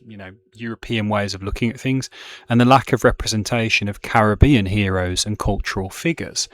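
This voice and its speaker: A man's voice: fairly low pitch, fairly bright tone, no echo. A man with a Birmingham accent teaching a poem to students in a loose, conversational way, with many fillers and restarts. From England.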